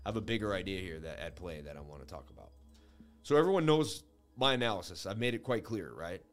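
A man's voice: deep voice, expressive, quick pace, faint music behind. A man hosting a casual market-analysis livestream, rambling in a conversational, self-assured teaching way. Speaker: host.

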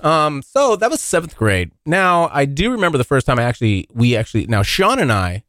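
A young man tells a rambling, profane story on his own podcast, his pitch swinging widely as he acts out the scenes. The sound is dry and close, with little room behind him. The talk stays loose and casual. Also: a little fast, dry recording. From Washington State, US. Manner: rambling, profane, animated when acting out scenes. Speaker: podcast host.

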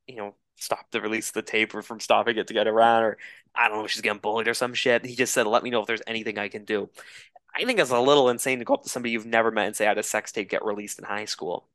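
A young man from Canada, a podcast co-host telling a rambling, animated story in casual chat, with frequent restarts and swearing. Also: medium pitch, quick pace, no echo, clean studio sound.

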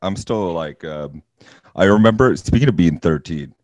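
Rambling young man with a very low voice. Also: lively intonation, normal speed, darkish tone, no room sound, dull audio. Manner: rambling, self-mocking, many fillers. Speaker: podcast co-host. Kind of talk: casual chat.

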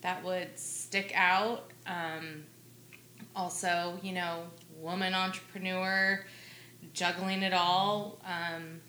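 A woman's voice: lowish voice, flat delivery, slow, pushed and bright, roomy sound, slight background noise. A woman guest talking about her small business in an easygoing, slightly hesitant way. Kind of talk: casual interview chat.

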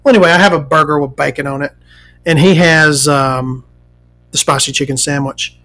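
A woman hosting a casual talk show, ranting in a profane, animated, rambling way. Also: low-pitched, normal speed.

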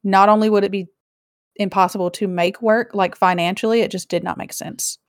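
A woman's voice: mid-range voice, fairly even intonation, brisk, no echo, clean studio sound. A young woman co-hosting a podcast, chatting casually and telling a self-deprecating story. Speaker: podcast co-host.

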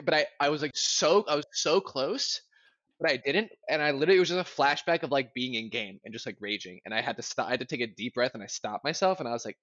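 A young man telling a story in casual chat, animated, swearing a lot, with lots of "like" fillers. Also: mid-range voice, fast talker, dry recording, muffled recording. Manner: animated, swears a lot, fillers like "like", bursts into loud yelling when reenacting.

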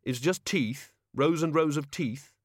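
A man's voice: on the high side, a little slow, no room sound, pitched above the performer's own voice. A queasy, flustered god of hangovers, as a man puts him on stammers and gabbles in a raised, anxious voice. His talk keeps breaking off into spluttering half-starts. It comes across as a storybook reading, close and dry.

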